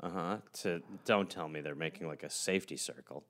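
A man co-hosting a comedy podcast, reacting to the story with quick wisecracks and puns. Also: extremely low pitch, a bit bright. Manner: quick wisecracks and punning interjections. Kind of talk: comedic banter.

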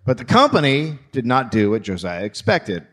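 A man narrating comic history live on stage, his delivery dry and deadpan yet lively in pitch. His voice sits at an ordinary middle pitch while it rises and falls a great deal as he leads the audience through the tale. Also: moderate pace. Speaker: podcast host, storyteller.

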